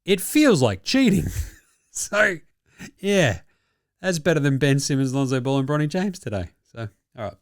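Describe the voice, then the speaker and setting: A man's voice: a little high, very animated, normal speed, dry recording, studio quality. A man with an Australian accent hosting a casual basketball recap, profane and jokey, laughing often. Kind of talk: casual sports recap commentary.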